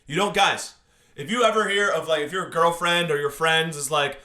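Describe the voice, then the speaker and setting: Young male comic host, fairly high voice, mock-indignant rant delivery. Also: moderate pace, sharp tone. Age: 20s. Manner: mock-indignant, exaggerated complaining. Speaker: comedy podcast host. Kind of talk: comedic rant monologue.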